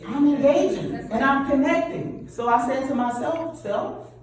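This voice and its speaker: A middle-aged woman giving a lively motivational talk at a church event, often asking the audience questions. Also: sits high, normal speed. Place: church hall. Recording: roomy echo, distant mic, faint hum.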